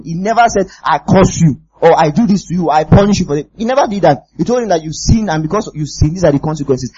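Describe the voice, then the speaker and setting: Male preacher, warm husky voice, emphatic and probing, dull lo-fi recording. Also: high voice. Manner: emphatic, keeps asking the audience if they follow. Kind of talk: sermon.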